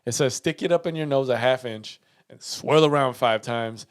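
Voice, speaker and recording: A man's voice: mid-range voice, normal speed. A young man co-hosting a podcast, telling a story in casual, profane chat and acting out the dialogue. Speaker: podcast co-host.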